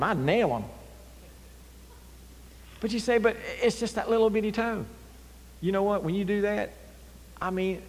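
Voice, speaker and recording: A male pastor preaching a sermon, animated, swinging between loud emphasis and near-whispers. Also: fairly high pitch. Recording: long hall reverb.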